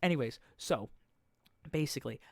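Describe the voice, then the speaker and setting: A young man casually chatting while he plays a game, retelling a story in a rambling, joking way with quick mock voices. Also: mid-range voice, gravelly, darkish tone, no echo. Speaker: gaming YouTuber.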